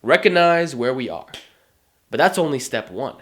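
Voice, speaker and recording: A fitness YouTuber speaks to camera in a medium-pitched, sing-song, slightly bright voice at normal speed. His motivational monologue is emphatic and packed with rhetorical questions, plus mocking, put-on whines.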